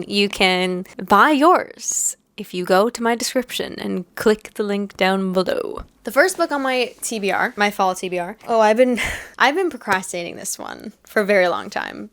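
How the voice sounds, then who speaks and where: A woman's voice: medium pitch, fairly bright tone. Chatty young woman talking books. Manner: chatty and self-deprecating, many "like" fillers. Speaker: book vlogger. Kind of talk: casual chat. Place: apartment at home.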